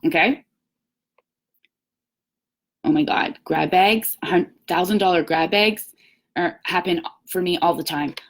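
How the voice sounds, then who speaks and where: A woman's voice: fairly low pitch, takes it slowly, long pauses. Upbeat woman coaching a live stream. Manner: upbeat and emphatic, acts out quoted chats. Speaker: direct sales team leader. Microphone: webcam or phone, live stream.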